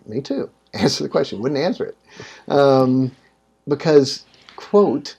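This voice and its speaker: A man speaking in a casual interview conversation, telling stories in an animated way with sudden jumps in pitch. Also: normal speed, creaky, slightly rough.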